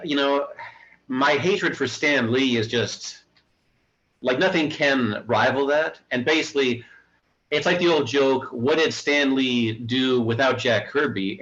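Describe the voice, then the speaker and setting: A man in casual podcast talk who gives blunt opinions and keeps breaking off with ums and restarts. His voice sits at a middling pitch for a man. The audio is muffled and lo-fi. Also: a little slow, a bit bright. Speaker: podcast co-host. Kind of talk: casual conversation about comics. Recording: dull lo-fi audio.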